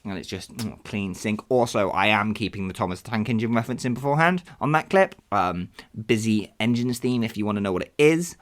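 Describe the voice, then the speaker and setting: A man hosting a podcast, talking casually about past episodes in an animated, self-deprecating way and laughing at himself. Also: medium pitch, a little fast. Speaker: podcast host. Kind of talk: casual retrospective chat.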